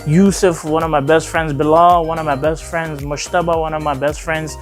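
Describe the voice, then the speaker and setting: A man's voice: fairly high pitch, flat delivery, moderate pace, soft background music. Rambling young man telling a story. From Afghanistan. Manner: rambling, acts out quoted dialogue, frequent "he like". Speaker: vlogger. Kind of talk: casual storytelling vlog.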